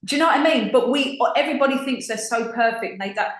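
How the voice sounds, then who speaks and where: A woman's voice: sits high, fast, echoey room, poor audio. A woman in her forties with an Essex accent, co-hosting a casual spiritual chat and acting out her own inner voices dramatically. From England. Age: 40s. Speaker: podcast co-host.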